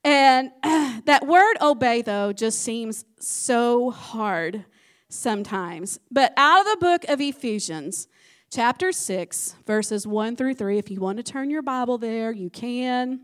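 A woman pastor preaching a sermon in a church, chatty and animated, speaking straight to the congregation. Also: fairly high pitch, slow, clean tone.

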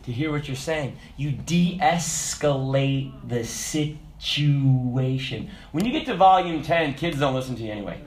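A man preaching a sermon in an animated way, swinging from loud exclamations to hushed asides. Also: a little high, quick pace, few pauses.

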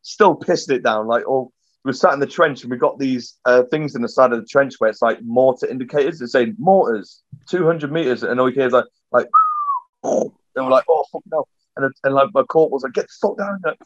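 Young man, podcast guest, animated sweary storyteller, dry and dull sound. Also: mid-range voice, fairly quick, dry recording. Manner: swears a lot, tells stories animatedly. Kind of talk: casual storytelling chat.

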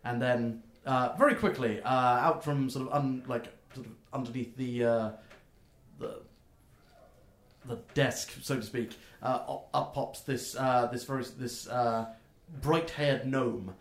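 Halting man running a tabletop game. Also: mid-range voice, fairly even intonation. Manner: hesitant, full of fillers and restarts. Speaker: game master. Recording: echoey room.

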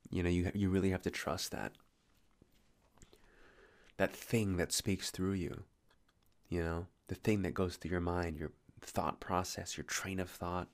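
Tired and a little slurred, a man rambles philosophically late at night in a very deep, gravelly, level-toned voice. He drifts along, pausing often and correcting himself as he goes.

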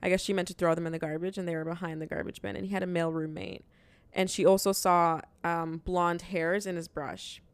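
A young woman with a lowish, smooth voice talks about dating with her co-host, blunt and sarcastic and quick to swear. The sound is dry and close, with no room in it. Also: fairly even intonation, no echo. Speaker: podcast co-host. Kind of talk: casual dating chat.

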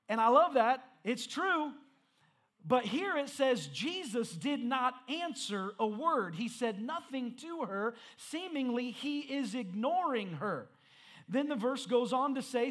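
A man in his thirties with a high, bright voice, preaching a sermon. He reads scripture slowly, then builds into loud, emphatic, animated bursts as he addresses the congregation. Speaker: pastor.

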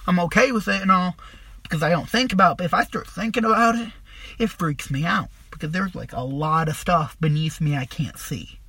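A young man casually telling a long, profane, rambling story about his past, animated as he retells it. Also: high voice, brisk, breathy edge, no echo.

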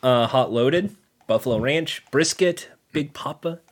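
A man's voice: mid-range voice, unhurried. A man on a casual podcast reading through menu items, chuckling now and then. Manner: reads menu items in a relaxed list, chuckling. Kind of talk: casual chat.

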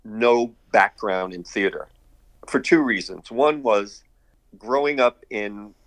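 A man's voice: lowish voice, slow pace, dry recording. An older man from Brooklyn, a guest on an interview show, telling long anecdotes in a rambling, chuckling way. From Brooklyn, New York. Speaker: guest, artist and director. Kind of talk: casual interview storytelling.

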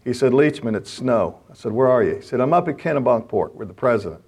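A man's voice: medium pitch, lively intonation, fast talker, a little mellow, slightly rough. A middle-aged man giving a sermon-style talk to men, telling stories and rising to fervent prayer. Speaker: chaplain speaking to men.

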